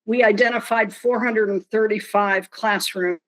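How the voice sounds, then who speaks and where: A woman speaking as a panelist on an online panel discussion, deliberate and measured, with dry, wry humor. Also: medium pitch, fairly even intonation, fairly bright tone, rough recording. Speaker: panelist from a nonprofit. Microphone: video call.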